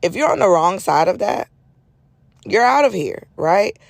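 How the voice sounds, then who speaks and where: A woman's voice: medium pitch, big pitch swings, unhurried, creaky, no echo. A middle-aged woman hosting a solo podcast in casual, chatty talk, her nose a little stuffy, with folksy asides. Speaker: podcast host.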